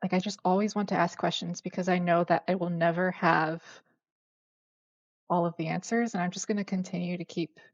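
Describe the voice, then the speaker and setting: Reflective young woman, gravelly, lo-fi. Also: lowish voice, steady tone, brisk, no room sound. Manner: reflective, hesitant, many fillers and soft laughs. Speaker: podcast guest, writer. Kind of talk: casual conversation. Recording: dull lo-fi dry sound.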